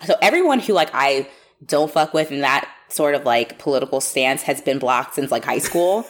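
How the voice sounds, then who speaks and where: A woman's voice: a bass voice, lively intonation, normal speed. A woman co-hosting a podcast, ranting in a heated, profane and emphatic way in casual chat. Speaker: podcast co-host.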